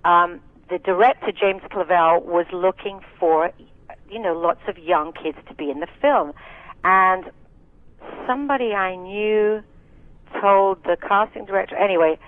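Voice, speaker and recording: A woman's voice: mid-range voice, a little slow, no room sound. A woman in her sixties from Scotland, a singer and actress telling frank, chatty stories with many asides in a casual interview. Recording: tinny phone line, dry.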